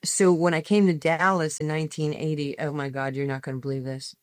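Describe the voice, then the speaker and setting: A woman in her sixties, a guest telling personal stories in an emphatic way, speeding up in quick bursts. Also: low voice, little pitch movement, dry recording, clean studio sound. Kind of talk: animated personal storytelling.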